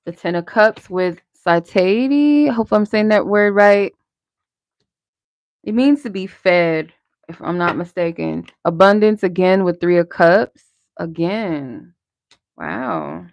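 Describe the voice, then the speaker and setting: A woman's voice: fairly low pitch, takes it slowly, vocal fry, dry recording. A woman hosting a live tarot stream, giving casual spiritual guidance in a candid, encouraging way with some swearing. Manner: candid, conversational, salted with swearing; encouraging, motivational.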